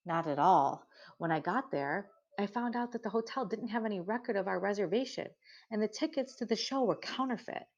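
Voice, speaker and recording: A woman voicing a worried middle-aged farmer's wife, flustered, with her pitch rising as she talks. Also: animated, fairly quick. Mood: indignant. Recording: dull lo-fi recording.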